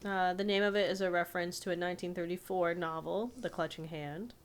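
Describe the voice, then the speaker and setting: A woman's voice: fairly low pitch, fairly even intonation, brisk. Laughing woman reading cartoon trivia. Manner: laughs often, reads trivia aloud. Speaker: podcast co-host. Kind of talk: casual chat about a cartoon, reading trivia.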